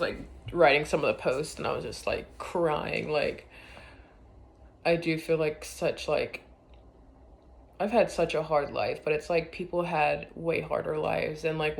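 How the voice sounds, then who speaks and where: A woman talking in a casual confessional vlog, rambling and hesitant with many fillers, often trailing off quietly. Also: low voice, vocal fry.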